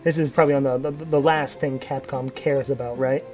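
A man's voice: mid-range voice, steady tone, brisk, darkish tone, soft background music. A young man giving casual gameplay commentary, rambling and profane, full of fillers and restarts. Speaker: let's play commentator.

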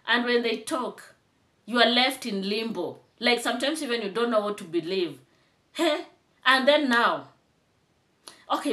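Bright-voiced Kenyan woman vlogging. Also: medium pitch. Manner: chatty, rising to indignant scolding. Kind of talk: casual commentary vlog.

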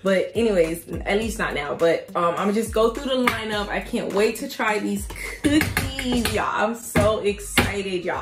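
An excitable, chatty woman doing a casual mukbang-style cookie review for her viewers. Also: medium pitch, normal speed, few pauses. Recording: roomy echo with faint music.

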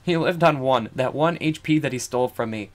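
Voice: mid-range voice, fairly quick, soft background music. A young adult streamer chatting casually over gameplay, rambling from thought to thought and giggling often. The talk is loose and self-amused, full of little asides. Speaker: let's play streamer. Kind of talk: casual game commentary.

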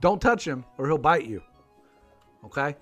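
A man in his thirties, a slightly hoarse gaming host, chatting playfully and teasing his young son while they play, laughing often. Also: fairly high pitch, sing-song, moderate pace, over loud music. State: a little hoarse, losing his voice. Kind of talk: casual gameplay commentary.

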